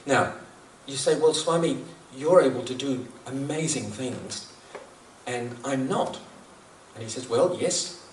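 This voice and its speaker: A man's voice: mid-range voice, takes it slowly, slight background noise. A man sharing spiritual teachings in a reflective talk, earnest and prone to repeating himself. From New Zealand. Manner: earnest, repeats himself, chuckles at his own jokes. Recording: echoey room, speaker far from the mic.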